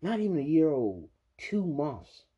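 Man reacting to news, angry and cursing a lot, mellow husky voice, slightly dull recording. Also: on the high side, big pitch swings, measured pace. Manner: heated, profane ranting with restarts. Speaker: video reactor. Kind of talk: casual reaction commentary.

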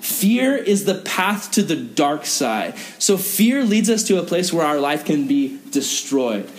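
A young man preaching earnestly to teenagers as a youth pastor, animated and acting out other people's lines. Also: a little high, takes it slowly. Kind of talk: sermon to teenagers.

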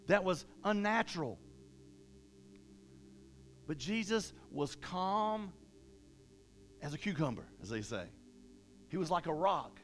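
A man with a high-pitched voice preaches a sermon in a plain, conversational way. He restarts and repeats words, then rises and gets louder when he drives a point home. A faint hum sits behind the recording.

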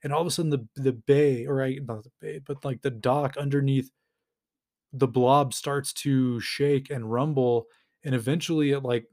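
A man hosting a podcast, casually retelling a comic storyline with lots of fillers and brief acted-out character lines. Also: medium pitch. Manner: animated retelling with quick put-on character voices, many fillers. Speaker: podcast host recapping comics.

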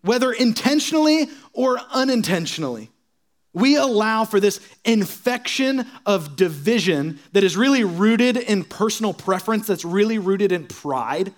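A young adult man preaching a sermon in a casual, sarcastic way, acting out the voices of churchgoers in quick asides. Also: sits high, animated. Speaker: pastor.

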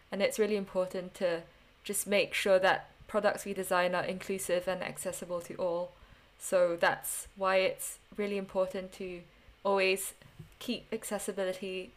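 Female guest with a slight accent, earnest and explanatory, medium pitch. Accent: slight non-native accent. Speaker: podcast guest. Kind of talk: casual chat.

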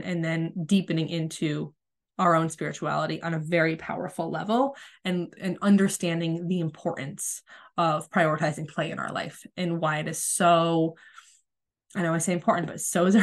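Gentle woman with a cold, hosting. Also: low-pitched, fairly even intonation, moderate pace. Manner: gentle, soothing, reflective. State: has a cold. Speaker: podcast host, spiritual coach. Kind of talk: casual solo podcast talk.

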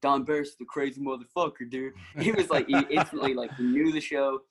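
Man, guest actor and musician, husky voice, animated storytelling, quotes people in voices, laughs a lot. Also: medium pitch, brisk, rough recording. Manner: animated anecdotes, acting out quotes, frequent laughs. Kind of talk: casual storytelling.

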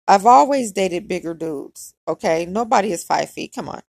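Woman, podcast storyteller, gravelly and husky, candid chatty delivery, dry close sound. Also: lowish voice, lively intonation, moderate pace, no room sound. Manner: candid and conversational, heavy use of "like". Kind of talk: personal storytime narration.

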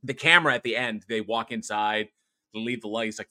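Bright-voiced, profane, rambling man. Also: lowish voice, fast. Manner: animated, profane, rambling with restarts. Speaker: podcast co-host. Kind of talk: casual film discussion.

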